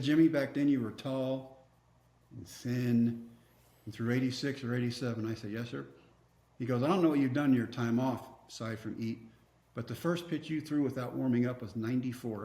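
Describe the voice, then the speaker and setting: A middle-aged man from Texas tells his story as a podcast guest. He acts out the other people in it and jokes about himself. His voice sits at an ordinary middle pitch, and it echoes through a reverberant room. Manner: animated storyteller acting out quoted dialogue, wry self-mocking humor. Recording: roomy echo.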